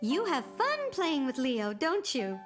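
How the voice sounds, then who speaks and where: An actress voicing a kind, patient cartoon grandmother who coaxes gently. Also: high-pitched, very animated, a little slow, over music. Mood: gentle. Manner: gentle, coaxing.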